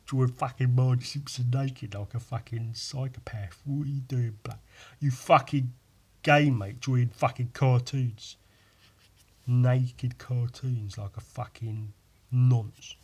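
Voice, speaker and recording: A man voicing a brash, crude geezer who mocks and swears loudly. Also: medium pitch, steady tone, slow, husky. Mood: mocking. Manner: loud, swearing, mocking.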